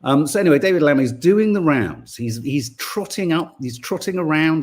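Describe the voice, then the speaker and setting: A man's voice: a little high, expressive, moderate pace, hardly any pauses, a little mellow. A middle-aged man, co-hosting an opinion podcast in a rambling, sarcastic, exasperated way full of fillers. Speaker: podcast co-host. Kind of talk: casual opinion podcast monologue.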